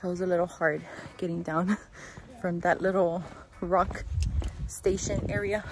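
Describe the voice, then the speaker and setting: A young woman vlogs from an outdoor trail with a phone camera, talking in a chatty, easygoing way. Her voice sits a little low for a woman. She speaks slowly and pauses as she looks around. She describes whatever she sees along the way. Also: steady tone, background noise. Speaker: vlogger on a honeymoon hike. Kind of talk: casual vlog chat. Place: outdoor nature trail by a creek.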